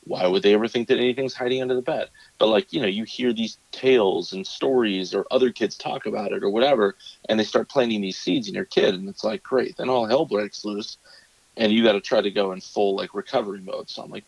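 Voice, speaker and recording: A man in his thirties, a podcast co-host, tells a rambling story in casual chat and acts out his kids in a higher voice. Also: a little fast, gravelly, dry recording. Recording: dull lo-fi, dry sound.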